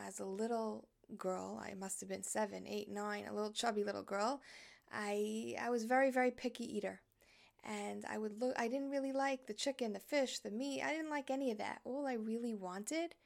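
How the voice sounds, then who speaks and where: A woman's voice: mid-range voice, creaky. A woman giving a religious lesson, telling a personal story in an earnest, conversational way. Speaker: Torah teacher.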